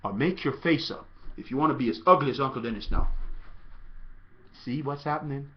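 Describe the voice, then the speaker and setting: A man coaching soccer in a casual video tutorial, playful and animated, breaking into loud shouts. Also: mid-range voice, fairly quick, lo-fi sound.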